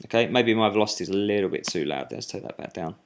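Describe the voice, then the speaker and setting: A man giving a screen-recorded music software tutorial, talking while he clicks, with fillers and restarts. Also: fairly low pitch, expressive, quick pace.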